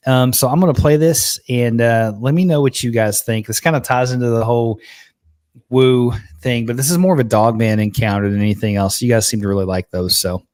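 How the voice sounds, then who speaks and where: Male host, easygoing and chatty, middle pitch, dry close recording. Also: brisk, a little mellow, no echo. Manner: laid-back, keeps saying "man". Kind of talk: casual chat on a live show.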